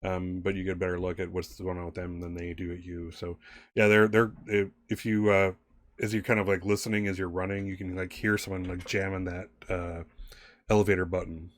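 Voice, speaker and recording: A man's voice: low voice, level tone, brisk. A man narrating as game master of a tabletop game, rambling with many fillers and restarts.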